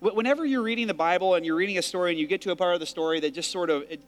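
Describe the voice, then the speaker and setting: A pastor preaching a sermon, telling a Bible story with animated delivery and acted-out quotes. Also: male voice, sits high, rapid-fire.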